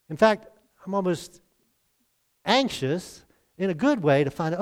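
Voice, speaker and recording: A man's voice: fairly high pitch, big pitch swings, normal speed. A man preaching a sermon in a conversational way, often chuckling and acting out the lines he quotes. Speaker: pastor.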